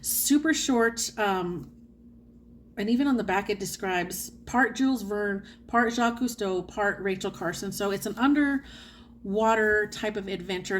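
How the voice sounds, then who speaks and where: A woman's voice: mid-range voice, a little hiss or hum. Chatty woman talking about books. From United States. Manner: chatty, self-correcting, laughs often. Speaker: book vlogger. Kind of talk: casual chat.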